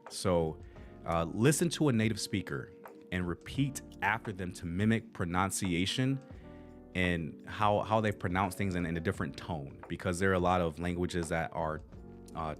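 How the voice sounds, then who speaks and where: An American man hosting a casual livestream of tips, rambling in a conversational way and talking straight to his viewers. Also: low voice. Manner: rambling and conversational, with frequent restarts, addressing viewers directly. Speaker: channel host.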